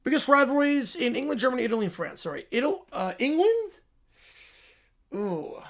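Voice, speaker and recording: A man hosting a casual live Q&A stream, answering chat questions with relaxed asides. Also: very high-pitched, moderate pace, gravelly.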